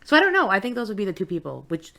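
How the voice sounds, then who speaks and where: Animated middle-aged woman podcast co-host. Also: medium pitch, rapid-fire, creaky. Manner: animated, laughs often, jokey. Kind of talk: casual chat.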